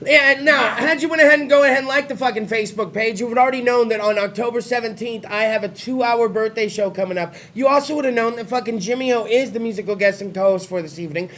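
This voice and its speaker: A man hosting a crude comedic internet talk show, loud and profane, joking with his guests. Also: very high voice, fast talker, few pauses.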